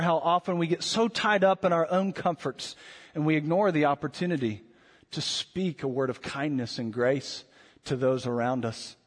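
A man preaching a sermon earnestly, his voice swelling at emphatic points and dropping low and quiet elsewhere. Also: long reverb tail. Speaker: pastor.

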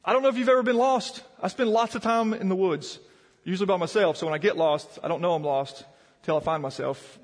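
An earnest pastor preaches in a fairly high, slightly husky voice, repeating words as he presses his point. His voice rings with the long reverb of a church sanctuary. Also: a little fast. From Virginia mountains. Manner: earnest, repeats words when building emphasis. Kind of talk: sermon.

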